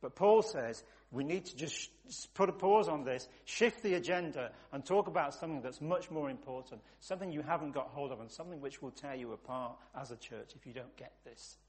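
A man delivers a sermon in an easy, conversational way, piling up points in long repeated lists. His voice sits somewhat high for a man. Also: brisk, few pauses, a little mellow. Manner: conversational, builds lists with emphatic repetition. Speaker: preacher.

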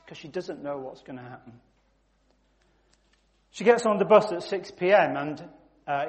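Male preacher telling a vivid story. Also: a little high. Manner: vivid, emphatic storytelling with sudden loud rises. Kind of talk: sermon storytelling.

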